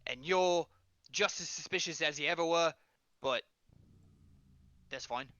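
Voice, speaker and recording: A man's voice: fairly high pitch, measured pace, fairly bright tone, dull audio. A man voicing an exasperated, suspicious male military commander in a tabletop game, talking in a weary, sarcastic grumble. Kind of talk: tabletop role-play character voice.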